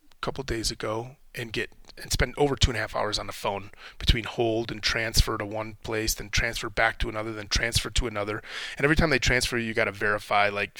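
Gravelly, bright-voiced man musing casually. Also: medium pitch, dry recording. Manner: rambling, candid, curses casually. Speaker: podcast host; military veteran. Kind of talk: casual reflective podcast monologue.

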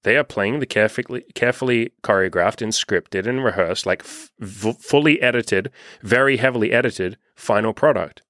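A man's voice: on the low side, moderate pace, fairly bright tone, dry recording, studio quality. A young man coaching on dating in a loose, unscripted monologue, cursing freely and acting out what people say. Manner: loose and unscripted, swears freely, acts out quoted voices. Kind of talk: casual podcast monologue.

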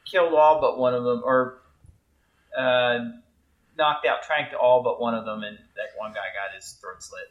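A man with an average-pitched voice shares his experience on a casual gaming podcast. He speaks haltingly, stopping and restarting his sentences often. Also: lo-fi sound. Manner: halting, many hesitations and restarts. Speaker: podcast panelist.

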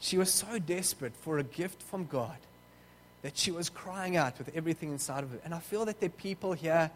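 A man's voice: a little high, in a large hall, slight background noise. A man preaching a sermon, telling a story with touches of humor and often restarting his sentences.

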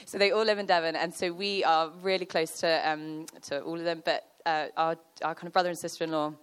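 A woman's voice: sits low, level tone, fairly quick, clean tone. A woman giving a chatty, conversational sermon, full of fillers and storytelling. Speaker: church speaker.

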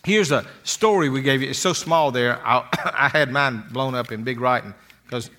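A man's voice: medium pitch, moderate pace, sharp tone. An older man giving a motivational talk, telling folksy stories and often repeating words as he starts a sentence. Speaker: motivational speaker.

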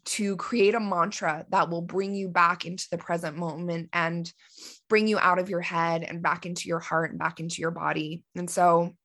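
Woman in her forties, podcast host, earnest heartfelt monologue, lowish voice. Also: a bit bright. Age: 40s. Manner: earnest and heartfelt, with pauses and fillers. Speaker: life coach and podcast host.

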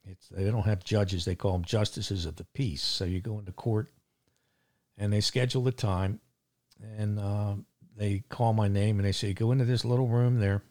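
A man's voice: fairly low pitch, fairly even intonation, normal speed, a little mellow. Indignant man ranting on his podcast. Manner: gruff, indignant storytelling with many fillers. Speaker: podcast host. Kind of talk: casual monologue. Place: seaside town home.

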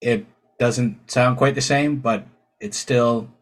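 A man in his fifties hosting a podcast, chatting casually in a laid-back, halting way. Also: mid-range voice, fairly even intonation. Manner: laid-back, halting, short agreeing replies. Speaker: podcast host, truck driver.

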